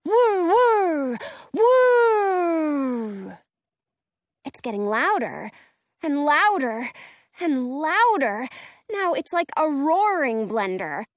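Expressive woman reading a children's story. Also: high-pitched, dry recording, clean studio sound. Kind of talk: children's storybook read-aloud.

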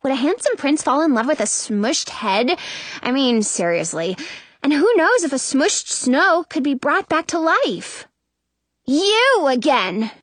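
A woman narrating a children's story in the first person, chatty and expressive. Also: high voice, unhurried, no room sound. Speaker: audiobook narrator.

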